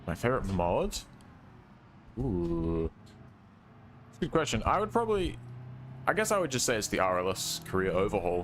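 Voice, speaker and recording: With slight background noise behind him, a young Western Australian streamer speaks in a low-pitched, fairly bright voice and a working-class Australian accent. He chats casually about a driving game, rambling hesitantly and trailing off with "I don't know."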